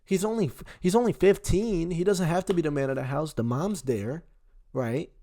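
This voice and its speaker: A man's voice: fairly high pitch, brisk, warm tone. A young man hosting a reaction video, talking in a casual, emphatic, slangy way. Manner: emphatic, slangy, keeps saying "bro".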